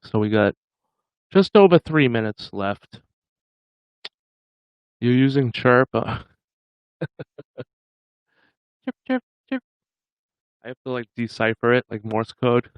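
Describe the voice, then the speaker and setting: Slow-talking man chatting on a livestream. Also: medium pitch, clear, resonant tone, no echo, highs cut off. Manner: rambling, chuckles often, chats with viewers. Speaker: livestream host. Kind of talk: casual livestream chat.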